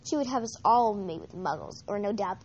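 A woman voicing a cold, menacing male dark lord in a read-aloud story, speaking slowly and quietly with mockery. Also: mid-range voice, expressive, lo-fi sound, a little hiss or hum, natural voice.

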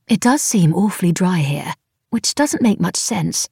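A woman's voice: fairly low pitch, very animated, a little slow, vocal fry, dark tone, slightly rough, no room sound, studio quality, heavily acted. A woman reading the lines of a curious young noblewoman traveller in a musing, fond tone, as an audiobook character.

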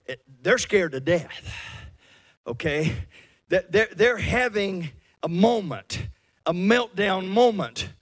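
A man preaching a sermon as a pastor, fervent, repeating words and swinging between loud and soft. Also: high-pitched.

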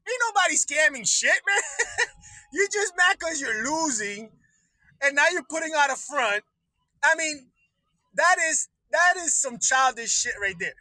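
A man with a very high, piercing voice rants on his own livestream, swearing freely and laughing between his jabs. The sound is close and completely dry, with no room around it. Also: animated, unhurried, pushed and bright, dry recording, low-quality recording. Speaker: livestream host. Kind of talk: profane political rant.

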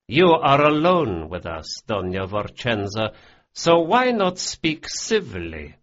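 A man's voice: medium pitch, heavily acted. Man voicing a suave, menacing older crime lord. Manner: suave, courteous, quietly threatening. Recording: dull lo-fi audiobook recording.

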